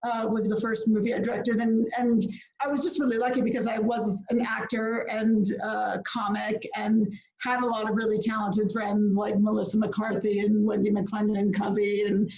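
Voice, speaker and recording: A woman's voice: medium pitch, darkish tone. A woman from Minnesota, a filmmaker guest, chatting casually with lots of fillers and laughter. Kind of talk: casual interview chat. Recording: echoey lo-fi video call audio.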